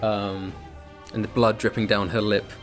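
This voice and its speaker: A man's voice: fairly low pitch, flat delivery, moderate pace, soft background music. A man narrating a tabletop game as game master, laughing often.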